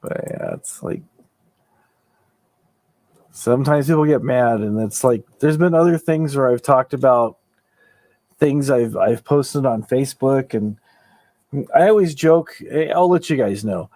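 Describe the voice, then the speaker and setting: Dude rambling on a late night stream, chill and chuckly, dry close sound. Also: male voice, medium pitch, unhurried, long pauses, darkish tone, no echo. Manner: laid-back, rambling, with restarts and chuckles. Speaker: livestream host. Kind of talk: casual late-night livestream chat.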